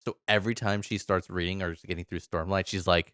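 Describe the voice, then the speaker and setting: A man with a lowish voice chatting playfully on a podcast, dropping casual swears and jokes. The sound is dry and close to the mic. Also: steady tone, quick pace, a bit bright, clean tone, dry recording. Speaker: podcast co-host. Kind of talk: casual chat.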